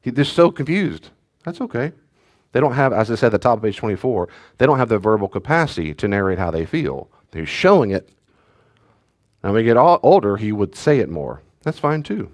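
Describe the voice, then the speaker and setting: A man, a pastor teaching a church study class in a relaxed, conversational way with joking asides to the group. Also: fairly low pitch, fairly quick.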